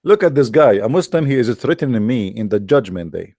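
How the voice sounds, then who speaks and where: A man's voice: medium pitch, big pitch swings, a little fast, dark tone, no room sound, clean studio sound. A man delivering a mocking, sarcastic monologue to viewers in broken, non-native English. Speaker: online commentator.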